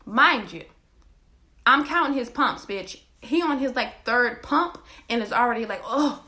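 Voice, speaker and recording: A woman hosting a podcast and telling a personal story in a blunt, profane, animated way. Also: a little high, unhurried. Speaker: podcast host. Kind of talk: candid storytelling monologue.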